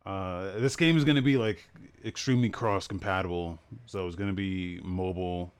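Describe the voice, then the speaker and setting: A relaxed young man co-hosts a casual gaming podcast in a very deep voice. His tone is smooth and resonant. He laughs often and works his way through the news with easygoing restarts. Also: normal speed. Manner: relaxed, laughs often, many fillers and restarts while explaining. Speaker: podcast co-host.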